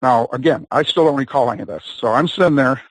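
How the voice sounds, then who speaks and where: A man of medium pitch talks in a loose, rambling storytelling way, laughing now and then and slipping into voices of others as he recounts a ring mishap. His voice is close and dry, with no room sound around it. He comes across as an interview guest swapping stories. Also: quick pace, dry recording, poor audio. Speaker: wrestler. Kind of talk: casual storytelling.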